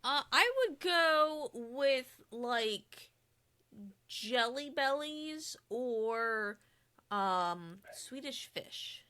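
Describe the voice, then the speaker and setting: Chatty podcast lady, pretty high bright voice. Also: animated, extremely slow, clean tone. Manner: chatty, earnest. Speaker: podcast co-host. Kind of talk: casual podcast chat.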